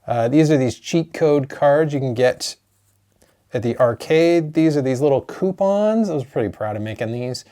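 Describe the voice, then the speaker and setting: A man, a board game designer chatting excitedly through an unboxing of his own game, openly emotional. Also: mid-range voice, normal speed. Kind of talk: unboxing vlog.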